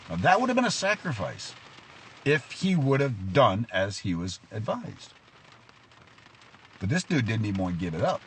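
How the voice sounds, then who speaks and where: A man with a low voice gives a casual devotional talk outdoors and tells stories to make his points. His pitch swings widely as he poses questions. Faint rain patters in the background. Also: huge pitch swings, moderate pace, long pauses, slight background noise. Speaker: preacher.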